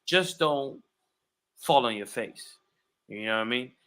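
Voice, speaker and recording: A man with a bright, forward voice breaking down upcoming fights on a casual podcast. He talks emphatically and keeps repeating his points for weight. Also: mid-range voice, animated, a little slow, rough recording. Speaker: podcast host and fight analyst.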